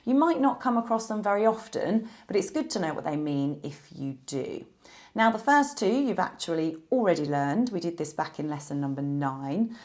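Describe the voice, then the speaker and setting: A woman teaching a beginner piano lesson, explaining musical symbols patiently and clearly. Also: low voice, darkish tone.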